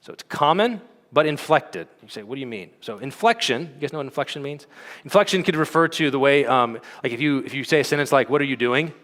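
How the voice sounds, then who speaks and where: A man's voice: fairly high pitch, lively intonation, brisk, a bit bright. A man giving a conference teaching talk in a conversational way, with frequent fillers and "okay?" check-ins to the audience. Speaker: conference speaker. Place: conference hall. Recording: long hall reverb.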